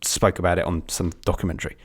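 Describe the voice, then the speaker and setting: A man in his thirties talks in a low register, chatting loosely on a film podcast. He rambles from point to point and swears bluntly without pausing. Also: little pitch movement, breathy edge. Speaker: podcast co-host. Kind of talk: casual film podcast chat.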